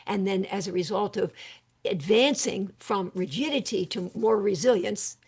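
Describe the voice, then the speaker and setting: An older woman with a gravelly, husky voice explains her therapy work in an animated, emphatic way over a video call. Her speech carries some vocal fry and a breathy edge, and she often breaks off into quick asides. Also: mid-range voice. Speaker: psychiatrist and psychotherapist. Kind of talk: conversational video call interview.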